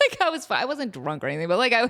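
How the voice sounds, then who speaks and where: A woman in her thirties hosting a podcast, telling a comic family story in an animated way and acting out the people in it. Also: on the high side. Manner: animated, often laughing, acts out the people in her stories. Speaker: podcast host.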